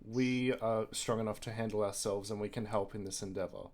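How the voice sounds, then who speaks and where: A man's voice: on the low side, steady tone, a little fast, a little mellow, slight background noise. A man taking part as a player in a tabletop game, speaking earnestly in character.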